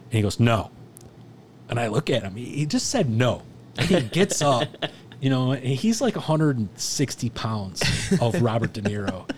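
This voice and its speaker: A man's voice: medium pitch, big pitch swings, normal speed, darkish tone, slight background noise. A middle-aged man, a firefighter instructor, telling stories in a casual, rambling, profane way with lots of restarts. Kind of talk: casual storytelling.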